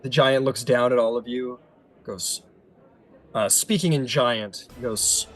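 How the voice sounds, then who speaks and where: A man running a tabletop game as game master, talking casually with many pauses and fillers. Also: medium pitch, fairly bright tone, soft background music.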